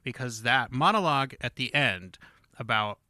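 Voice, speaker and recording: A man co-hosting a podcast in casual chat, enthusiastic and quick to laugh. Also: medium pitch, animated, sharp tone, dry recording, studio quality. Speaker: podcast co-host.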